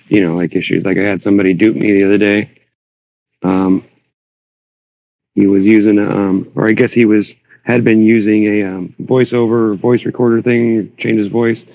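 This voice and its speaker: A man chatting casually on a voice call, rambling through a story and getting animated when he quotes himself. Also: lowish voice, creaky, dry recording. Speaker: Discord server member. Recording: dull lo-fi voice chat audio.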